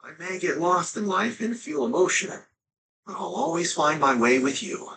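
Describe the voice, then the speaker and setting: An earnest, humble young knight. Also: male voice, high voice, sing-song, moderate pace, vocal fry, background noise, exaggerated voice. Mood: moved. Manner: earnest, easily choked up.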